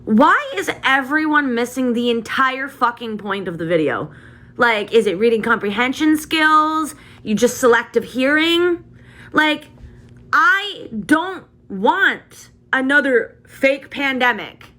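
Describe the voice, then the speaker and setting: A woman delivering a profane, exasperated rant to camera, firing off complaints in rapid bursts. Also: sits high, bright, forceful tone. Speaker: ranting video creator.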